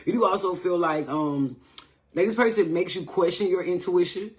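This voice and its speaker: A man's voice: high-pitched, normal speed. A man giving a casual live tarot reading, chatty and repetitive, often checking in with viewers. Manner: loose, repetitive, greets viewers by name, says "all right?" often. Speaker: tarot reader on a livestream.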